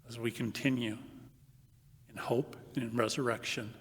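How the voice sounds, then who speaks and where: An older male priest giving a homily, slow and reflective with long pauses, and reading aloud with lively comic emphasis. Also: medium pitch. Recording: long reverb of a large hall.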